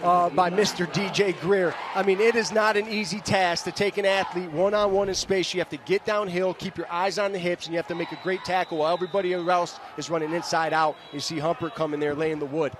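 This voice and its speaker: A man's voice: sits high, fairly even intonation, fairly quick, few pauses. A man, a former linebacker, giving color commentary who explains plays like a coach. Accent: Michigan. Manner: coaching-minded, explains plays, tags lines with "right?". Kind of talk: live football color commentary. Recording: broadcast booth with stadium noise.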